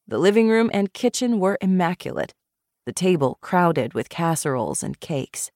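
A woman reading a novel aloud in measured, expressive scripted narration. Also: on the low side, no room sound, clean studio sound. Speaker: audiobook narrator.

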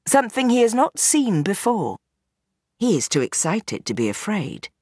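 A woman narrating a novel as an audiobook in an expressive, dramatic reading. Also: low-pitched, breathy edge, no room sound, clean studio sound. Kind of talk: scripted narration.

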